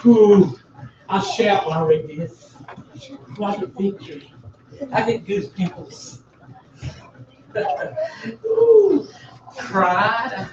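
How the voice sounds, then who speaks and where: Man, revival preacher, high hollering voice, distant echoey church recording with the congregation behind him. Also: huge pitch swings, very slow, long pauses, dull audio, noisy background. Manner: shouting, hollering, whooping and laughing. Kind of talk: fiery revival sermon. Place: church sanctuary.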